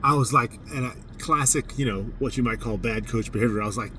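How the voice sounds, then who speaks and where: A man's voice: mid-range voice, brisk, hardly any pauses, distant mic, slight background noise. A man, a judo coach, casually telling a story from a tournament in a candid, self-mocking way. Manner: candid, self-mocking, animated when recounting his outbursts.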